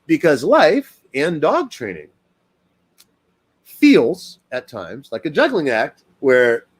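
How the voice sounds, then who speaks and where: A man hosting a casual live stream as a dog trainer, talking to viewers in an animated, fired-up way with plenty of fillers. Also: on the high side, slow pace, breathy edge.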